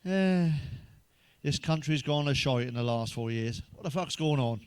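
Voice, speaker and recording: A man's voice: mid-range voice, expressive, moderate pace, smooth. A man delivering a crude stand-up monologue, swearing freely and talking straight to the listener. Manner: swearing, chatty, addresses listener directly. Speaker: stand-up comedian.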